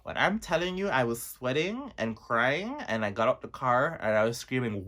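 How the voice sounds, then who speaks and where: Animated young man telling a wild story. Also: normal speed, hardly any pauses. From Toronto, Canada. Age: 20s. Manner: animated, dramatic storyteller with big pitch swings. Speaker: vlogger. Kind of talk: storytime vlog.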